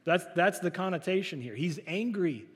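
A man's voice: high voice, expressive, normal speed, in a large hall. A man preaching a sermon, talking to the congregation in a conversational way with rhetorical questions. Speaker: pastor.

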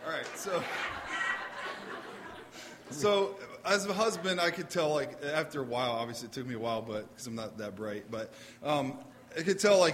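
A man telling his and his wife's church story at a service, halting and self-deprecating. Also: mid-range voice, fairly bright tone. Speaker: husband sharing testimony. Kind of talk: casual testimony on church stage.

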